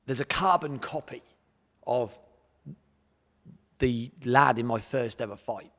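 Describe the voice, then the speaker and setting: A man in his forties with an English accent speaks at a medium pitch, recounting his story with animated bursts of feeling. His voice carries a long hall reverb around it. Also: slow pace. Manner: animated storyteller, acts out his own past thoughts. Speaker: guest, martial arts champion. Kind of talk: storytelling podcast interview.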